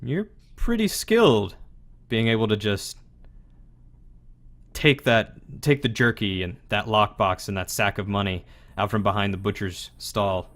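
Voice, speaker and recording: A man voicing a tall, sly male orc recruiter with a deep voice, smirking and measured. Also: animated, a bit bright. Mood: probing.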